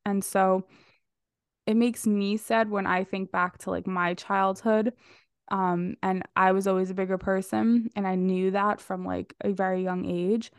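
A woman's voice: medium pitch, flat delivery, unhurried, clean tone, no echo, studio quality. A woman dietitian hosting a podcast, asking questions in a supportive, casual way with many fillers. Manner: supportive, lots of um and like. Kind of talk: casual interview conversation.

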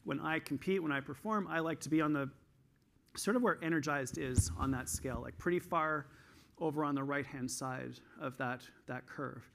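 Male keynote speaker, Canadian, high-energy storyteller, pitched a bit high. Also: normal speed, creaky. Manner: highly energized, animated storytelling. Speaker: conference speaker and coach. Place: conference hall stage.

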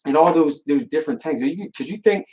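A man hosts a podcast with a casual, animated monologue in street slang, speaking fairly quickly and frequently restarting or repeating himself. His voice is a little high, and the audio quality is poor.

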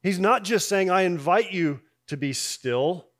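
A pastor preaches to his congregation in a relaxed, conversational way. His voice sits a little high for a man, and he lets it fall quiet on the lines he wants to land. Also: a little slow. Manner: conversational preaching, drops soft on key lines, rises when voicing doubts. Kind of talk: sermon.

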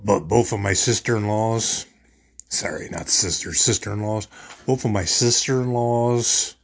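Low husky guy rambling on his podcast, emotional, lots of "you know". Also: fairly even intonation, a little slow. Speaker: podcast host. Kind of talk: personal monologue.

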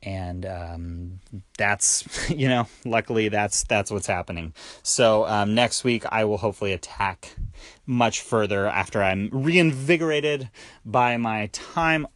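A man's voice: lowish voice, a little slow, a bit bright, dry recording, clean studio sound. A tired young man hosting his own solo podcast, talking candidly in a rambling way with fillers and restarts. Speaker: podcast host.

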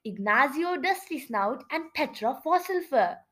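A woman reading aloud and voicing a bold, mischievous female mouse with an eager, squeaky manner. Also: lively intonation, unhurried, fairly bright tone. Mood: explaining.

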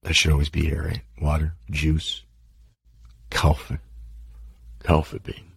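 Male host, deep gravelly husky voice, candid rambling self-talk, dry booth. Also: completely flat delivery, unhurried, no room sound. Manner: candid, profane, self-deprecating. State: dry mouth. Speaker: podcast host. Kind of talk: rambling personal monologue.

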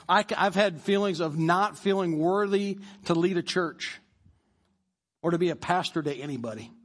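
Man, pastor, sermon, high-pitched voice, joking and conversational, preaching to a church congregation. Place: church service before a congregation.

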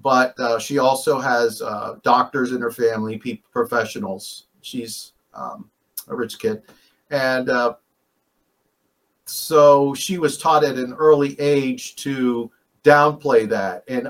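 A man's voice: medium pitch, slow, a bit bright, low-quality recording. A man on a talk show as a guest, telling a story in a rambling way with many fillers and restarts and blunt swearing. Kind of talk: casual storytelling on a call-in show.

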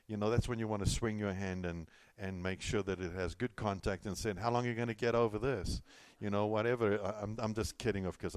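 A man's voice: lowish voice, darkish tone, dry recording. A middle-aged man preaching a sermon in a loose, conversational way, telling stories and repeating himself as he goes. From California. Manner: conversational, storytelling with self-repeats and asides. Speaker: pastor.

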